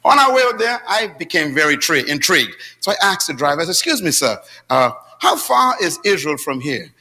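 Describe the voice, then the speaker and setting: A man preaching a sermon as pastor, dramatic, swinging between shouts and low asides, telling stories with quoted dialogue in a church with responses from the congregation. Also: sing-song, a little fast.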